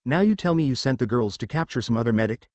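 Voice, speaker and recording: A man's voice: medium pitch, animated, fast, darkish tone, no echo, natural voice. A man voicing a smug, scheming young male ninja in a taunting, mock-friendly way, read from a fan story. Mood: stern.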